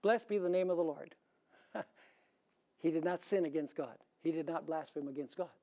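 Male pastor preaching, emphatic, rhetorical questions, big swings in loudness. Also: on the high side, normal speed. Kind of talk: sermon.

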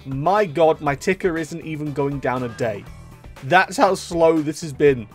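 A young man talks through his strategy game in a chatty, amused way, his voice sitting a little high. He laughs easily as he commentates, with quiet music running underneath. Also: moderate pace. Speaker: gaming YouTuber. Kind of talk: casual gameplay commentary.

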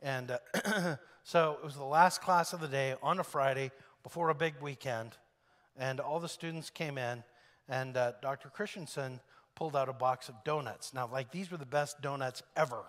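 A man's voice: medium pitch, moderate pace, long reverb tail. A man preaching a sermon, telling a story and acting out the people in it. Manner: animated storyteller acting out quoted voices. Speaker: pastor.

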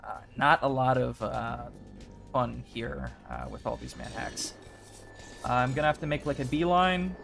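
A young man's expressive, creaky, fairly bright medium-pitched voice carries his casual gameplay commentary at a measured pace, with faint music behind. As a gaming YouTuber, he begs, curses and celebrates while talking to himself and the characters on screen.

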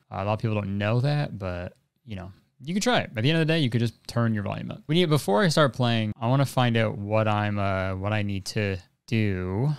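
Young male gamer, rambling profane jokes, smooth clear voice, dry close mic. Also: lowish voice, no room sound. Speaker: gaming streamer. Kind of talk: casual gameplay commentary.

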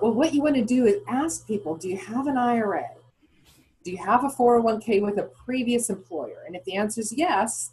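A woman's voice: mid-range voice, a little mellow, breathy edge, low-quality recording. A woman guest on a podcast interview, explaining things in a chatty way and posing questions to herself as she goes. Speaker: guest, founder of retirement account custodian.

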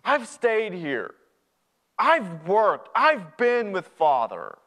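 A man's voice: mid-range voice, big pitch swings, moderate pace, close to an everyday voice. A man playing a resentful older brother as he retells a parable in a sermon, with indignant, accusing outbursts. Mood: angry. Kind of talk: sermon storytelling.

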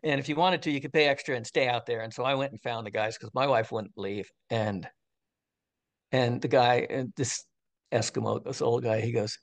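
Older male interview guest, casual storyteller, rambling with lots of "you know", mid-pitched voice. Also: normal speed. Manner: animated, rambling storyteller with frequent fillers and restarts.

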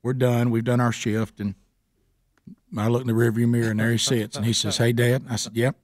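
A little fast and mid-range in pitch, this male radio host in his 40s animatedly narrates a funny story on a talk show, slipping into the voices of the people he quotes. There's no room sound, just clean studio audio.

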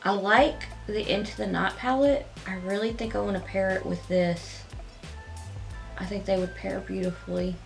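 A woman narrates her makeup tutorial at home in a casual, chatty way, gushing over every shade while she talks through each step. Her voice sits in a middle pitch for a woman. Faint music plays softly underneath. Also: steady tone, normal speed, creaky.

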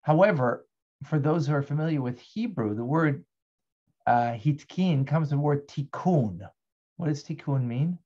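A man's voice: on the high side, a little slow, dark tone, lo-fi sound. A man teaching an interactive online Torah class as a rabbi. He asks his students questions and thanks them by name.

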